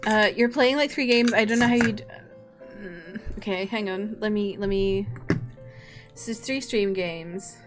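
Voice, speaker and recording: Slow-talking tired young woman streamer. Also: mid-range voice, faint music behind. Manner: rambling, chatty, laughs often. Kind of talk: casual stream chat.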